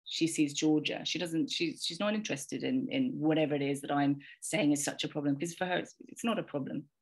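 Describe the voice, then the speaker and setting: A woman in her forties with a low, gravelly voice tells a personal story in casual conversation. She rambles and doubles back, repeating words and slipping into quoted dialogue as she goes. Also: a little fast. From England. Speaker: podcast guest sharing a parenting story.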